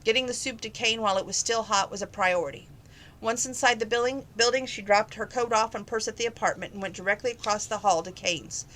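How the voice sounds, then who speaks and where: A woman's voice: mid-range voice, a little fast, a bit bright, rough recording. A woman reading a novel aloud in a plain, casual way, with small slips and restarts. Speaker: reader. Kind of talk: casual read-aloud narration.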